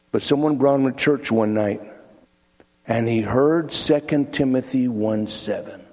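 A man preaching a sermon in a church, telling a story with acted-out voices and repeated words. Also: sits high. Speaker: pastor. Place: church sanctuary. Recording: long hall reverb.

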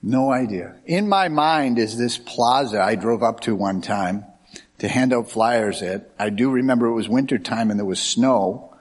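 A middle-aged man from the United States preaching a sermon as a pastor, telling lively stories with quoted dialogue. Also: medium pitch, normal speed. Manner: animated anecdotes with quoted dialogue. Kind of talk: sermon with storytelling.

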